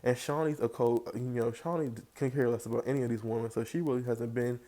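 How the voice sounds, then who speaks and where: Mellow-voiced man recapping a reality show. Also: medium pitch, fast. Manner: animated, acts out quoted lines in raised voice. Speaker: reality TV reviewer. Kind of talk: casual recap and commentary.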